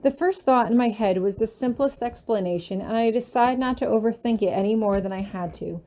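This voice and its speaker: A woman reads a fanfiction chapter aloud as a first-person audiobook. Her voice is fairly high but mellow and warm-toned, never bright. She delivers the narration earnestly, leaning into its emotional moments. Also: brisk. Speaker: fanfiction reader.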